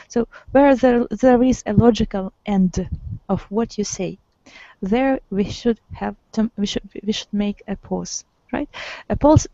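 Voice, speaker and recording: Woman english teacher, gravelly, mellow tone, patient, dull lo-fi call audio. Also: medium pitch, no echo. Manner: patient, corrects and repeats words for students. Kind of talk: online grammar lesson.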